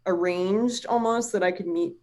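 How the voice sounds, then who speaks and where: A woman's voice: mid-range voice, moderate pace, darkish tone. A chatty woman tells a personal story in casual conversation. She rambles, leans on fillers, and swears freely. She laughs easily as she talks. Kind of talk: casual chat.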